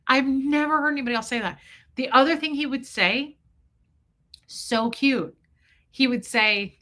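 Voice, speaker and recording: A woman live-streaming, telling animated stories in casual chat, reading viewer comments aloud and swearing freely. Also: on the high side, normal speed.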